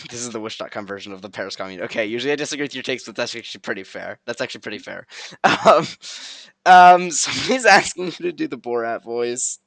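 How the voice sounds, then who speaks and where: A man's voice: mid-range voice, fast, vocal fry, a bit bright, dry recording. A young man hosting a casual livestream chat, giggly and rambling with lots of ums. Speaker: streamer host.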